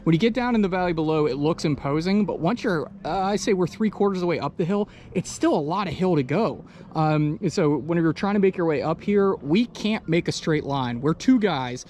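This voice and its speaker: Measured man explaining on a hillside. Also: fairly high pitch, expressive, a little mellow, a little hiss or hum. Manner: explanatory, measured, matter-of-fact. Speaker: battlefield tour guide. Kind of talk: walking tour explanation. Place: outdoors on a rocky hillside. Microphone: body-worn action camera.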